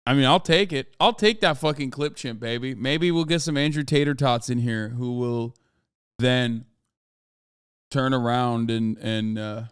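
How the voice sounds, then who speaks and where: A man's voice: medium pitch, a little slow, clean tone, no echo, studio quality. A man streaming live, reacting casually and swearing freely, slipping into exasperated rants. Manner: profane, ranting, exasperated.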